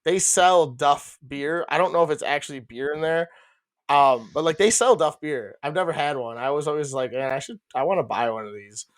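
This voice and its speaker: A man's voice: a little high, moderate pace. A man co-hosting a podcast, telling rambling, profane stories and laughing often as he talks. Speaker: podcast co-host. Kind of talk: casual chat.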